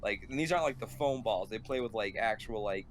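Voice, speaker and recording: A young man telling a rambling story in casual chat, full of fillers and animated quotes. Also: lowish voice, brisk. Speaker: podcast host. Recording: faint background noise.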